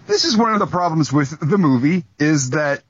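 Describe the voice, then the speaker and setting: A man with a high, husky voice, swooping up and down as he questions a movie's logic with disbelief. He rambles and restarts mid-thought. The sound is dry and dull, close and lo-fi. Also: lively intonation, moderate pace, dry recording. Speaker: podcast co-host. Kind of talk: casual movie-review chat.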